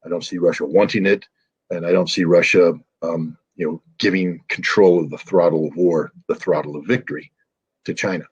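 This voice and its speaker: A man's voice: low voice, fairly even intonation, moderate pace, a little mellow, husky, dull audio. A man giving commentary as an interview guest, hesitant with fillers at times and emphatic at others. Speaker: guest analyst.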